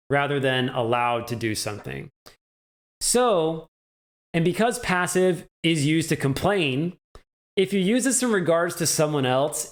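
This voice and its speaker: A man giving a casual video language lesson, chatty and joking, often checking in with "right?". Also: fairly high pitch. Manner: chatty, laughs at own jokes, asks "right?" often. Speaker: language teacher.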